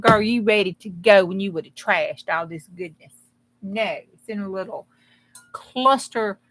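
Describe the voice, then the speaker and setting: A woman's voice: medium pitch, pushed and bright. A woman hosting a live crafting stream, chatting casually and rambling with folksy humor. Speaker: crafting livestream host. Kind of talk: casual livestream chat.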